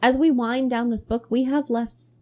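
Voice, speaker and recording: A woman co-hosting a podcast, talking in a measured, casual way and teasing playfully. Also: on the high side, steady tone, dark tone. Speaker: podcast co-host.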